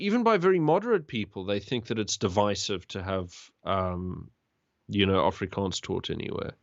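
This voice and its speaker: South African male guest, thoughtful and halting, muffled dry lo-fi sound. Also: lowish voice, dry recording. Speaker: guest, fellow YouTuber. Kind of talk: casual interview conversation.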